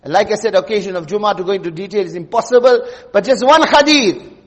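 A man preaches a Friday sermon in a very high, ringing voice. He presses his points with rhetorical questions and repeats key phrases. His words trail off in the long reverb of a large hall. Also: fast talker.

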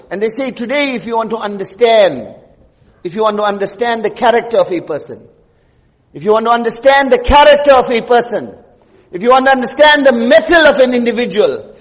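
A man giving a Friday sermon, emphatic, asking rhetorical questions and repeating key phrases for effect. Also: very high-pitched. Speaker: preacher. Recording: long reverb of a large hall.

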